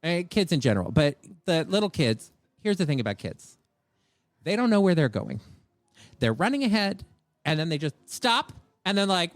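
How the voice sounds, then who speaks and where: Animated male podcast host. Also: a little high, moderate pace, no room sound. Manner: rants and acts out people in exaggerated voices. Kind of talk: live comedic podcast banter.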